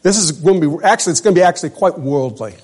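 A man's voice: a little high, animated, very fast, darkish tone, a little hiss or hum. An older man preaching a conversational sermon, reading scripture aloud and calling on listeners by name. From Central California.

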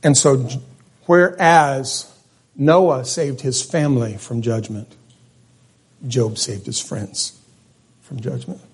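A middle-aged man preaching a sermon, telling stories in a loose, conversational way that is often animated and often corrects itself. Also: mid-range voice, takes it slowly, long pauses, husky.

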